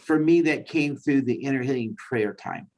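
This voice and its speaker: This man, a therapist appearing as a guest, has a mid-range, darkish voice and speaks at a moderate pace. He shares a heartfelt personal testimony in conversation, acting out the dialogue as he goes, and is tearful at times.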